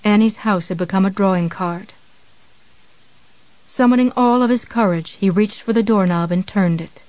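A woman's voice: medium pitch, dry recording. Woman reading a tense thriller, dull dry sound. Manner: measured, tense storytelling with dramatic pauses. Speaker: audiobook narrator. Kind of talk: scripted narration of a thriller novel. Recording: dull, dry studio read.

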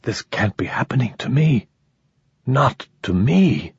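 A man reading a story, voicing a dying bearded man who gasps and rasps between fear and spite. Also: mid-range voice, animated, slow, dry recording, dull audio, pitched above the performer's own voice, exaggerated voice. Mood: pleading whisper. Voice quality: gasping, rasping.

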